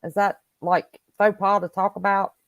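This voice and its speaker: A woman hosts a casual livestream and chats with her viewers, greeting them by name. Her voice sits at a middle pitch. The sound is dry, with no room echo. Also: little pitch movement, moderate pace. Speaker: host. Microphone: home computer mic on wired connection.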